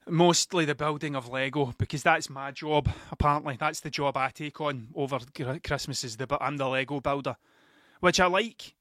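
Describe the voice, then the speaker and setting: A man's voice: on the high side, a bit bright, no echo, clean studio sound. A Scottish man, a father, telling a rambling, self-mocking story on his podcast, swearing freely and repeating himself. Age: adult father. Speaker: podcast host. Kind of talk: casual storytelling monologue.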